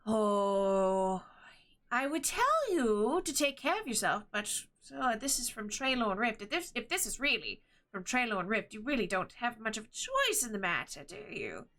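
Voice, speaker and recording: A woman puts on a high, sing-song voice for a jolly, round-cheeked gnome man in a tabletop game. He is doting and fussy and calls everyone darling. The voice is bright and sits well above her own. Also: big pitch swings, normal speed. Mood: fretful.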